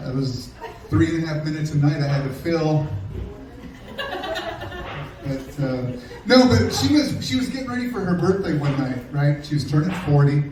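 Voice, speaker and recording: Sarcastic stand-up comic in an echoey club. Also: male voice, a little high. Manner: sarcastic, deadpan storytelling with crowd work. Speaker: stand-up comedian. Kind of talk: stand-up comedy set. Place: comedy club stage. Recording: echoey live room from a distance.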